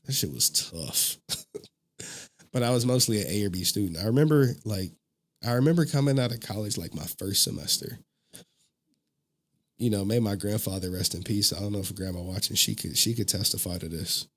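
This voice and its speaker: A man's voice: lowish voice, moderate pace, slightly rough. Laughing, slangy man hosting commentary. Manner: animated, swears, laughs often, slangy. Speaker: online commentary host. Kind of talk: casual commentary.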